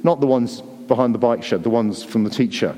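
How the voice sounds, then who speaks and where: A man's voice: mid-range voice, a little fast, warm tone, long reverb tail. A man preaching a sermon to a church congregation, earnest and pleading, often repeating words as he presses his point. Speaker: pastor.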